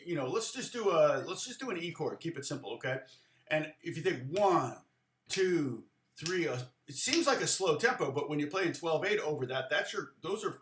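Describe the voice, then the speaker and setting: A man's voice: fairly high pitch, fairly bright tone, echoey room. A middle-aged man giving a casual live guitar lesson, rambling and chatty, with many restarts and side stories. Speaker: guitar teacher.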